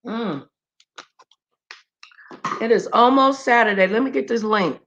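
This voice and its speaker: A woman's voice: on the high side, unhurried, a bit bright, highs cut off, slight background noise. A woman hosting a casual live stream, chatty and slangy, greeting viewers by name. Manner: scolds her dogs mid-stream.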